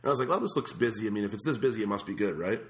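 Fast-talking man, echoey room. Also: fairly low pitch. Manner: animated, raises voice when quoting himself. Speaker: show host answering viewer questions. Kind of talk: casual storytelling chat.

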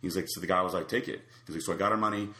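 A man's voice: low-pitched, very fast, echoey room. A man casually telling a long anecdote, acting out the other people's lines. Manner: animated storyteller acting out quotes. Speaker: storyteller guest.

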